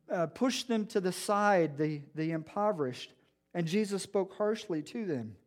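A male pastor preaches with earnest emphasis, often doubling back on his words. His voice sits notably high. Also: darkish tone. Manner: earnest, emphatic, with frequent restarts. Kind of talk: sermon.

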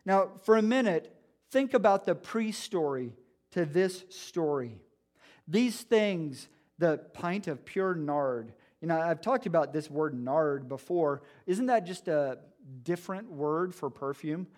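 A male pastor preaches with earnest emphasis, often doubling back on his words. His voice sits notably high. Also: expressive, takes it slowly, darkish tone. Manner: earnest, emphatic, with frequent restarts. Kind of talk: sermon.

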